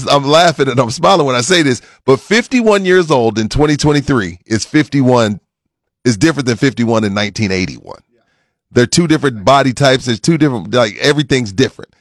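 A man in his forties hosting a sports radio show, talking in lively banter that turns loud and laughing when he gets riled up. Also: mid-range voice, brisk, no echo, studio quality. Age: 40s. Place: radio studio. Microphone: studio mic.

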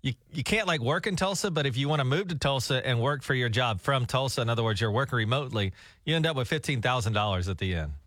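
A man's voice: mid-range voice, fast talker, fairly bright tone, no room sound. A man hosting a morning radio show, chatting casually and quizzing his co-host, heard on a studio mic. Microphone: studio microphone.

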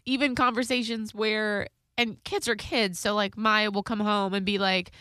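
Bright-voiced woman chatting on a podcast. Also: medium pitch, fairly even intonation, normal speed, clear, resonant tone, dry recording, clean studio sound. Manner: rambling, self-interrupting storyteller. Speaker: podcast co-host. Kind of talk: casual chat.

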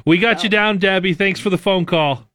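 A man's voice: high voice, a bit bright, dry recording, clean studio sound. Chatty man hosting talk radio. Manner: reads listener texts aloud, quick and chatty with laughs. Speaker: radio show host. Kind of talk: casual talk radio banter.

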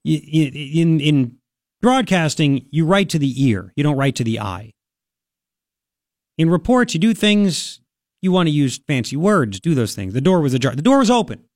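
A man's voice: a little high, very animated, normal speed, a little mellow, dry recording, studio quality. A man hosting opinionated talk radio commentary, sarcastic and incredulous, repeating his points for emphasis. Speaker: talk show host.

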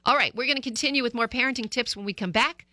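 Woman radio host, bright dry studio voice, chatty advice to listeners. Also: on the high side, fast talker, dry recording. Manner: lively, storytelling, direct to listeners. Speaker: radio talk show host. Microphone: studio microphone.

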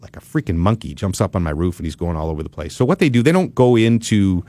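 A man hosting a podcast who tells a story in a casual, animated way and laughs often. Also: low-pitched, fast talker, no echo. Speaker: podcast host.

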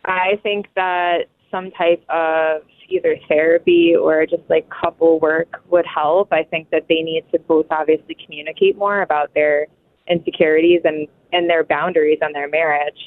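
A caller on a radio show offering slow, measured advice. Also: mid-range voice, steady tone. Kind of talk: call-in radio opinion. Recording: tinny phone line.

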